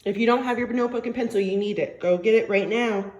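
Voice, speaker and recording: A woman teacher giving a recorded phonics lesson to young children, dictating words and sentences slowly and patiently with plenty of encouragement. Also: mid-range voice, a little mellow.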